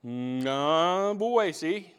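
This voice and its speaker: A man's voice: on the high side, expressive, extremely slow, a bit bright, clean tone. A man preaching a sermon as pastor, talking conversationally, restarting phrases and asking the congregation questions. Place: church sanctuary. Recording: long hall reverb from a church sanctuary.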